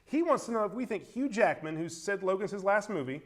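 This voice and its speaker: Quick, upbeat male co-host. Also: high-pitched, expressive. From Baltimore, Maryland. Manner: brisk, upbeat, chatty. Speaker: co-host reading viewer comments. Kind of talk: casual entertainment news chat.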